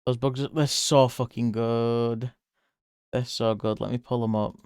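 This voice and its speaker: A man chats loosely with his viewers as he draws, laughing often, cursing freely and now and then jumping up into excited squeals. His voice is smooth and clear, and he talks at an unhurried pace. The sound is dry and close. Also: no echo. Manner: giggly, swears freely, jumps to high excited squeals. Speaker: streamer drawing live. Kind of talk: casual chat while drawing.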